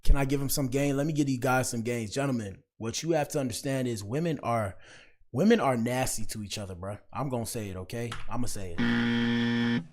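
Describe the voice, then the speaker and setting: A man's voice: medium pitch, quick pace, darkish tone, slight background noise. A man hosting a podcast, talking alone in casual slang, preachy and given to repeating himself. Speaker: podcast host. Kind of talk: casual commentary monologue.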